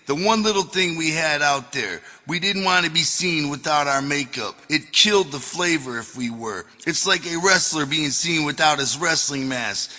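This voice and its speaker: A man's voice: fairly high pitch, bright, forceful tone, long reverb tail. A man reading his own memoir as an audiobook, telling it in a loose, profane way. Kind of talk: audiobook narration.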